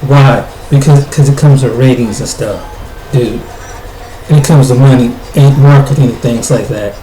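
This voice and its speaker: This US commentator talks bluntly at a moderate pace in a mellow, mid-range voice, repeating points and restarting frequently as he stumbles. Soft music plays in the background of an echoey, faintly noisy room.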